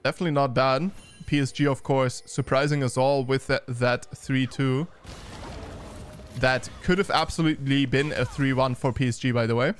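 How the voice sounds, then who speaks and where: A man giving casual esports review commentary, loose and chatty with many fillers and restarts, turning brisk for play-by-play. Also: medium pitch, steady tone, clear, resonant tone, soft background music. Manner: turns brisk during play-by-play.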